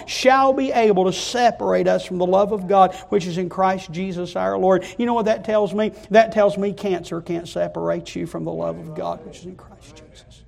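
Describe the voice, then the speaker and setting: High-voiced fervent preacher. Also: male voice, steady tone, brisk, creaky, few pauses. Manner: fervent, rising to loud repeated climaxes. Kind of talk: sermon.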